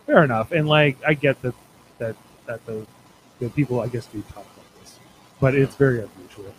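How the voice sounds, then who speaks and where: A man's voice: medium pitch, normal speed, a little hiss or hum, rough recording. A man hosting a casual chat show, rambling and restarting his sentences as he talks it through. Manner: rambling, restarts often, conversational. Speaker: podcast host.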